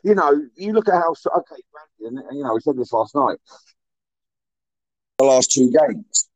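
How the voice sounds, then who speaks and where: A man co-hosting a football chat, rambling and stumbling over repeated words. His pitch is middling and the sound is dry and close. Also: expressive, moderate pace, dry recording, poor audio. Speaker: football podcast co-host.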